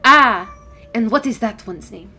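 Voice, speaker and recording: A woman voicing an ancient female dragon who is stately, measured and gently teasing. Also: on the high side, animated, voice pushed up, heavily acted.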